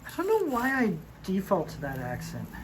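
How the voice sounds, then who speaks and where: This DIY host's mid-range voice makes huge pitch swings and runs a little fast. They build in a workshop while joking, chatting casually and reasoning aloud, and the recording picks up a lot of noise.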